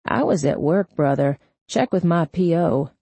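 A woman voicing a raspy, desperate male ex-convict in an audiobook, switching between bluster and frantic begging. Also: on the low side, lively intonation, unhurried, warm tone, no echo, heavily acted. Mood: defiant. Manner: pleading, screaming in panic. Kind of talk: audiobook character voice.

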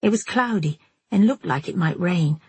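Very husky, low-voiced woman narrator. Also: animated, moderate pace, darkish tone, no room sound. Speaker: audiobook narrator. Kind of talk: first-person audiobook narration.

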